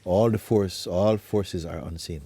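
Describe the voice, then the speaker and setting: In an informal talk, a man playing a spiritual teacher speaks gently and without hurry, often tacking on tag questions like "you see." His voice is low-pitched and husky.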